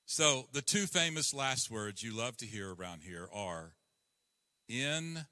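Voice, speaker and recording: A man's voice: mid-range voice, animated, takes it slowly, pushed and bright, no room sound. A man preaching a sermon in a playful, chuckling way, then reading a children's story aloud.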